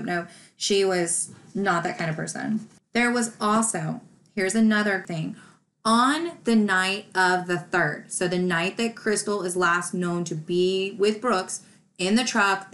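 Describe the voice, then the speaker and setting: A woman's voice: mid-range voice, fairly bright tone. A woman casually retelling a true crime case, acting out the quoted dialogue with lots of "like" fillers.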